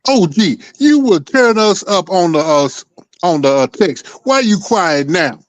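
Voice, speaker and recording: A high male voice that swings widely in pitch, recorded dry and close. He teases and needles the others on a casual sports show. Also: measured pace, no room sound. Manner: animated, teasing.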